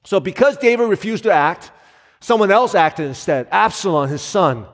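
A male pastor in his thirties delivers an earnest, conversational sermon, often dropping in fillers as he talks. His voice sits fairly high for a man. The sound rings out with a long reverb tail from the church hall. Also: expressive, moderate pace. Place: church sanctuary.

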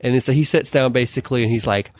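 Young male podcast co-host, lively recap style, jumps into high character voices, dry close-miked sound. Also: fast, no room sound. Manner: animated retelling, acts out quotes in high voices. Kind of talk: casual movie recap chat.

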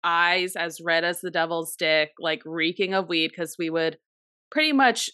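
A young woman co-hosting a podcast in a relaxed, loose way, swearing freely and saying "like" often. Her voice is bright yet somewhat low. The sound is dry and close. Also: unhurried, clean tone, no room sound. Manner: laid-back, swears freely, lots of "like". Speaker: podcast co-host. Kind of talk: casual storytelling chat.

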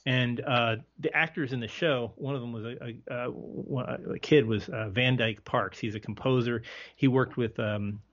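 A man guesting on a casual film podcast, talking in halting bursts with many restarts. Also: mid-range voice, steady tone, a bit bright. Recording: dull lo-fi audio.

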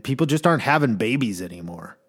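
A man's voice: mid-range voice, animated, fast talker, slightly rough. A man co-hosting a comedy podcast, goofy and laughing, cursing freely and slipping into silly voices. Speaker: podcast co-host. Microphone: studio microphone.

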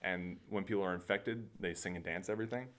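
A man's voice: low-pitched, fairly even intonation, fast, a bit bright. A man co-hosting a casual podcast chat, rambling and laughing through movie anecdotes with lots of fillers. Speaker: podcast co-host.

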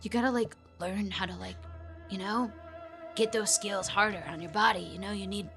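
A woman voicing a cool young male team player who talks low and half-whispered. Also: steady tone, moderate pace, vocal fry, fairly bright tone, soft background music. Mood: hushed.

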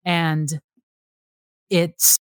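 A woman's voice: lowish voice, flat delivery, very slow, smooth, no echo, studio quality. A woman guest on a podcast, talking casually and eagerly, rambling with many fillers and restarts. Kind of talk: casual chat.

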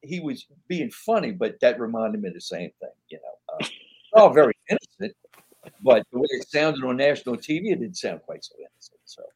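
Ein älterer Mann, der als Gast locker und lebhaft Anekdoten erzählt und dabei oft flucht. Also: male voice, medium pitch, brisk, husky. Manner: animated anecdotes, frequent swearing. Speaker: guest actor. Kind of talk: casual storytelling chat.

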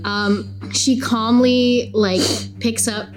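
A woman's voice: fairly high pitch, fairly even intonation, very slow. Woman player, casual and chatty, faint music underneath. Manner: casual, laughing, filler-heavy. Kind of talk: tabletop role-play chat.

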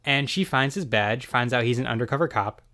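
A man's voice: mid-range voice, fairly quick, bright, forceful tone, dry recording, clean studio sound. A man hosting a podcast who recaps a TV episode in a rambling, wry way, full of crude asides.

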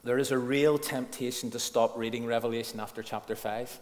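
A man delivers a sermon in a church hall, where his voice trails off in a long echo. His pitch sits in the middle for a man. He talks with earnest frankness, poses questions to his listeners and stresses the words that matter. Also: steady tone, a little hiss or hum. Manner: earnest, frank, asks the congregation questions and pauses on key words. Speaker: preacher.

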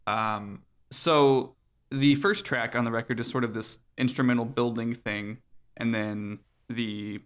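A man's voice: medium pitch, fairly even intonation, unhurried, clean tone. A man co-hosting a podcast, talking casually in a rambling way with frequent laughs. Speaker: podcast co-host. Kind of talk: casual chat.

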